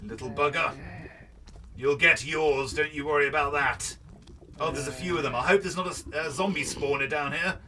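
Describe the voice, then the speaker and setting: A man's voice: a little high, steady tone, normal speed, pushed and bright, a little hiss or hum. A man, rambling playfully through let's play commentary. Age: early 30s. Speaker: gaming host. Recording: slightly distant mic, background music. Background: background music.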